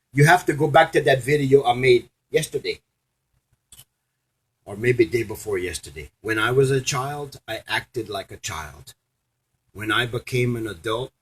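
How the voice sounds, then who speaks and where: A man's voice: mid-range voice, animated, measured pace, slightly rough, low-quality recording. A man delivering an angry, profane, preachy rant to his audience as a vlogger. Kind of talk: angry ranting monologue.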